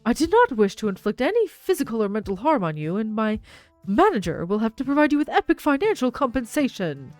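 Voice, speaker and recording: A goofy teenage boy TV personality with stiff, mock-formal speech, read aloud by a woman. The voice sits a little on the high side. Faint game music plays underneath. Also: big pitch swings, fairly quick, no echo, rough recording.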